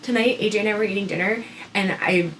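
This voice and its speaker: A woman's voice: medium pitch, fast, a bit bright, low-quality recording. A woman in her thirties co-hosting a parenting podcast, talking casually and telling stories about her kids. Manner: chatty, storytelling with quoted voices. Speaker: podcast co-host. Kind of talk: casual chat. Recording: faint background noise.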